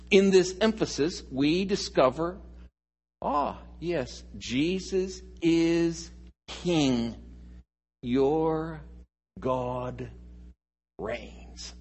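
A man preaching a sermon as pastor, repeating key phrases slowly and dropping from loud emphatic lines to hushed, near-whispered ones. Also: high-pitched, slightly rough.

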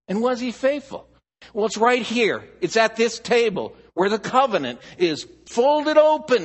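A man preaching a sermon as pastor, animated, swinging from loud emphasis to near hush. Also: high-pitched, normal speed.

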